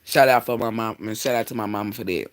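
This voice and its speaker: A man's voice: on the low side, quick pace. A man talking casually on his own livestream, blunt and rambling, swearing freely as he goes. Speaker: livestream host.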